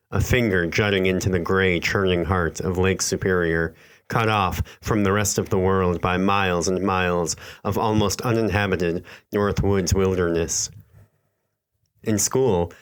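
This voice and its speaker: A man with a very deep voice narrates a literary horror tale. His reading is slow, measured and somber, scripted storytelling from start to finish. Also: clean tone.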